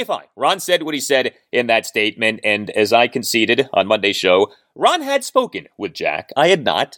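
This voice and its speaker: A man talks sports on his podcast in a lively, swooping voice, stressing key words with careful precision. The sound is close and dry, with no room around it. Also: fairly low pitch, no room sound. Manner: emphatic, measured, precise. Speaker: sports talk podcast host. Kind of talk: podcast commentary and host-read ad.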